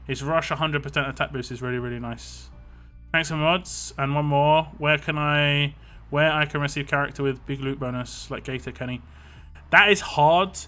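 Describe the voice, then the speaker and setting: Bright and forceful, this British man's fairly high-pitched voice carries a loose, chatty live stream of a mobile game. He wanders from point to point while reading out what viewers type in chat.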